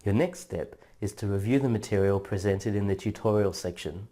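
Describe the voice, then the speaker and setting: A man narrating a scripted language lesson in a measured, instructional way, drawing out syllables for practice. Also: fairly low pitch, mellow. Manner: slow, measured, drawn-out syllable drills. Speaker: language teacher.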